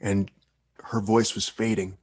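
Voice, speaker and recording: A man's voice: lowish voice, level tone, measured pace, a little mellow, husky, no echo. A young man giving an earnest, heartfelt personal speech as a Toastmasters speaker.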